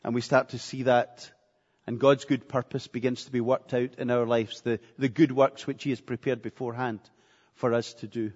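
A man's voice: medium pitch, little pitch movement, normal speed, a little mellow. A man preaching a sermon with earnestness, repeating phrases for emphasis. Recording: echoey hall, dull lo-fi sound.

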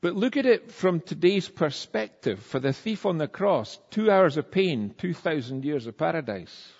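A man delivers a sermon in a chatty, animated way, acting out the voices in the stories he tells. His voice sits a bit high. The sound is dull and lo-fi, with a long church-hall reverb. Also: normal speed, slightly rough. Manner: conversational, animated storytelling with acted-out quotes. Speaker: preacher.

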